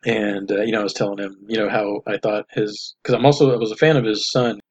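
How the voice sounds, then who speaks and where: A man's voice: lowish voice, fairly even intonation, fast talker, breathy edge, dull audio. A man co-hosting a casual podcast, telling a story in a loose, rambling way with lots of fillers and laughs. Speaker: podcast co-host. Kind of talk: casual chat.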